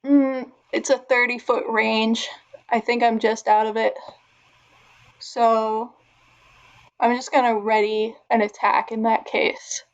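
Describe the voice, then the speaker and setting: A woman's voice: on the high side, level tone, takes it slowly, long pauses, dull audio. A woman playing a tabletop game, thinking through her turn aloud with hesitant fillers. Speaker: player. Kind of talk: casual tabletop play.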